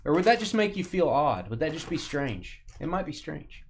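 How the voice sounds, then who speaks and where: A man's voice: a little high, big pitch swings, normal speed, slight background noise. A man hosting a live card break, joking casually and reading off lists of names and teams. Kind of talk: casual live-stream chat while opening cards.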